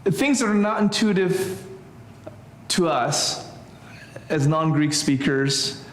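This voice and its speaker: A man teaching a relaxed church Greek class, thinking aloud with many fillers and restarts. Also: a little high, takes it slowly, echoey room, a little hiss or hum. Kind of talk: informal church class lesson.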